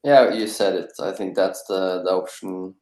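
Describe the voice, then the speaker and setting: Very deep man in an echoey room. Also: a little mellow. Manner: hesitant, halting agreement. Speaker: podcast guest. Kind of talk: casual chat. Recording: roomy echo.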